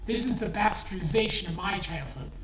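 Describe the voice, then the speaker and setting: A woman's voice: mid-range voice, animated, fairly quick. Middle-aged woman ranting, echoey and distant. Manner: heated, swearing, repetitive. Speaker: online commentator. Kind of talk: angry profane rant. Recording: echoey room, distant from mic, faint noise.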